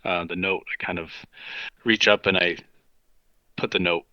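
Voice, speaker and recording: A man playing a tabletop game, speaking hesitantly with many pauses. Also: low voice, fairly even intonation, no room sound, muffled recording. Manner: hesitant, full of ums. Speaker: player. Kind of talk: casual tabletop play.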